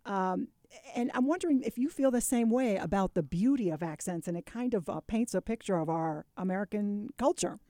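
A woman's voice: medium pitch, expressive, brisk, mellow, no echo, clean studio sound. A woman hosting a radio show, running an interview and reading segment intros, with frequent encouraging listening sounds. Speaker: radio host.

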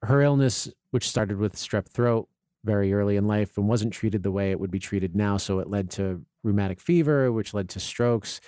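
Male interview host, low and warm-toned, relaxed and inquisitive. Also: moderate pace, clean tone, no room sound, studio quality. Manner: curious, casual, fillers. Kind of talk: conversational interview.

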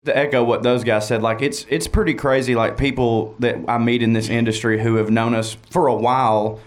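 A man's voice: medium pitch, fairly even intonation, fairly quick. A man from Georgia with a Southern US accent, a comedian guest talking in a chatty, filler-heavy way. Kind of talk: casual conversation.

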